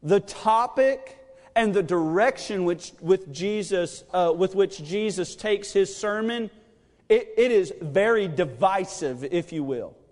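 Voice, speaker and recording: A man with a bright, high voice delivers a sermon. He talks in a rambling, joking way. His words echo around a large church hall. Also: animated, slow. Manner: chatty and joking, many fillers. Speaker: pastor. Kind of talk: sermon with personal storytelling. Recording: long reverb of a church hall.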